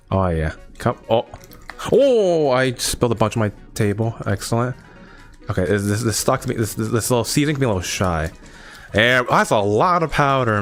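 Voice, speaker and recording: Young male streamer, animated pitch swings, rambling casual chat to viewers, faint music behind. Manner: chatty, addresses chat, rambling and playful. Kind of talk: casual live-stream snack review. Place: at a table at home.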